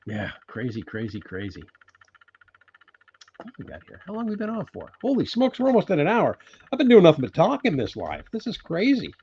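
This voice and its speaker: An older man from California hosting a casual live chat from his off-grid cabin, rambling and laughing often as he greets viewers loudly. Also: on the high side, wildly swooping pitch, brisk, dull audio, slight background noise. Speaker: live-stream host.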